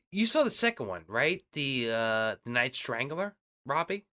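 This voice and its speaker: A man co-hosting a podcast in casual chat, animated and swearing freely. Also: mid-range voice. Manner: profane and animated. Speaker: podcast co-host.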